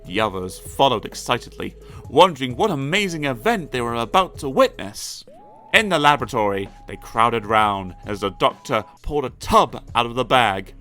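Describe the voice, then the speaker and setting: Animated man reading a storybook. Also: mid-range voice, normal speed, faint music behind. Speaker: audiobook narrator. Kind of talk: storybook narration.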